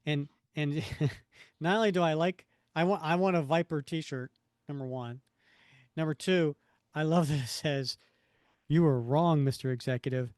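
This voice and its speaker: A man co-hosting a podcast in relaxed, casual chat, often chuckling and trailing off with fillers. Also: a little high, measured pace, dry recording, clean studio sound. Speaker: podcast co-host.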